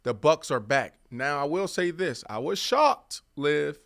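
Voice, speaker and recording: A man's voice: a little high, a little slow, creaky. A man in his thirties, a former wide receiver co-hosting a sports show, arguing his points emphatically in casual debate. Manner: emphatic, animated, repeats himself.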